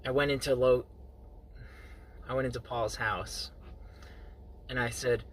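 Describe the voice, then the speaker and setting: A man's voice: mid-range voice, fairly even intonation, measured pace, pauses often. A man casually telling a personal story to his viewers, chuckling now and then. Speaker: vlogger.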